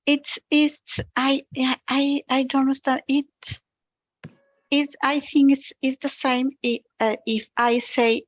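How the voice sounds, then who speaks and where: A woman's voice: high voice, level tone, slow, dry recording. A woman student with a Mexican Spanish accent asking her teacher a question, hesitant and stammering.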